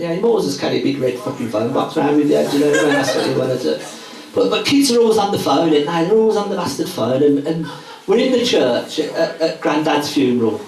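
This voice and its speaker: A man's voice: fairly high pitch, a little mellow. A male stand-up comedian telling a rambling story, swearing and tripping over his words. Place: comedy club. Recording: echoey club from far, noisy crowd.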